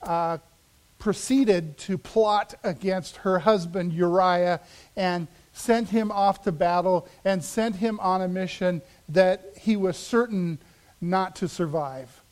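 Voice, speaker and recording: A man preaching a sermon as pastor, dramatic in delivery, dropping to a hush for emphasis and rising again. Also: sits high, takes it slowly. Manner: dramatic, drops to a hush for emphasis then rises.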